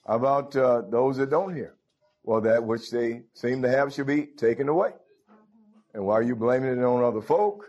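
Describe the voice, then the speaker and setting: A man delivers a sermon at a middle pitch. He quotes scripture in old biblical wording and punctuates his points with cries of praise and quick rhetorical questions. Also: a little mellow. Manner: scripture-quoting, call-and-response exclamations. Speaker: preacher.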